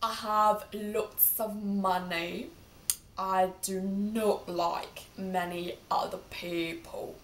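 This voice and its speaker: A girl doing a slow haughty rich snob. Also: medium pitch, steady tone, fairly bright tone, slight background noise. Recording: roomy, from a distance.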